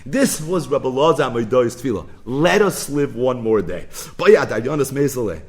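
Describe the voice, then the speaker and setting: A man leads a storytelling Talmud lesson. His pitch leaps and dips freely as he dramatizes each turn of the story, then drives it up to emphatic, ringing peaks. His voice sits at an ordinary middle pitch between those climbs. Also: fairly quick. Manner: animated, dramatic retelling, swelling to emphatic peaks. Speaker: Talmud lecturer.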